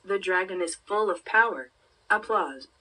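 Husky woman reading a story aloud. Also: medium pitch, lively intonation, measured pace, bright, forceful tone. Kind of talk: reading a story with stage directions. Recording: voice from a distance.

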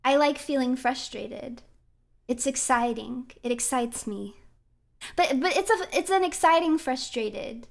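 High-voiced giggly woman streamer. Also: unhurried, gravelly. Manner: giggly, laughs often, playful. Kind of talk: casual chat while gaming.

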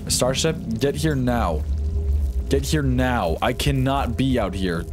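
A man streaming live gameplay, talking to himself in excitable bursts, swearing and jumping up into high-pitched yelps. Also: slow pace. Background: game music.

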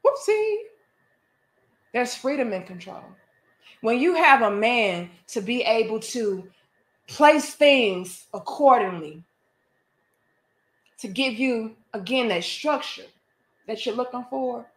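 A woman's voice: on the high side, animated, takes it slowly, long pauses, echoey room. A woman vlogger giving a preachy, profane opinion monologue to a live audience, full of pointed rhetorical questions.

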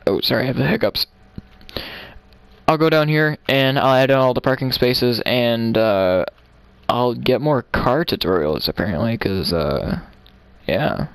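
A man's voice: mid-range voice, lively intonation, a little slow, creaky, clean tone, no echo. A man hosting his own gaming channel, giving casual commentary as he builds, rambling and talking to himself with frequent chuckles. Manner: chuckles often.

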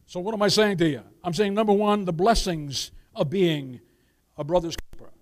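Male pastor, high voice, emphatic sermon delivery, keeps asking for amens. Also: normal speed. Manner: addresses listeners as "beloved", keeps asking for amens; emphatic preaching with scripture quotes.

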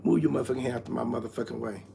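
A man's voice: mid-range voice, level tone, very fast, creaky, dark tone, a little hiss or hum. A man in a comedy skit, stammering and repeating words as he launches into profane rants.

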